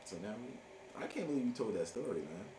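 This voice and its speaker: A man joking, lively-voiced podcast co-host. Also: mid-range voice, a little fast. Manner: joking, laughs a lot, playful bits. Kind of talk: casual couple chat. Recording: echoey room with noise.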